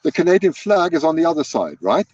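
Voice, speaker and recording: A man's voice: on the high side, big pitch swings, quick pace, darkish tone, husky, no echo, muffled recording. A man hosting a live wildlife stream outdoors on a hilltop, chatting and thinking aloud with frequent restarts. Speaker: wildlife livestreamer. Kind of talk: live-streamed casual commentary. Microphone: external microphone at a laptop.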